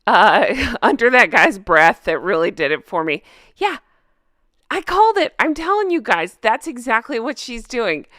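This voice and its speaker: A woman's voice: on the high side, big pitch swings, moderate pace, fairly bright tone, dry recording, studio quality. A woman hosting a gossip commentary vlog, ranting with sarcastic emphasis. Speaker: channel host.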